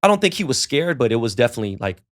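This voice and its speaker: A man's voice: medium pitch, big pitch swings, very fast. A middle-aged man, a podcast guest telling laid-back, profane stories and acting out the dialogue in them. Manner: profane, laid-back storyteller who acts out quoted dialogue. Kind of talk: casual storytelling in a podcast interview.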